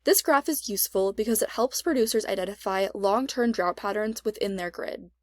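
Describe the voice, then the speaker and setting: A woman reading a scripted step-by-step software tutorial as an extension instructor, in an even, measured way. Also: mid-range voice, dry recording, clean studio sound.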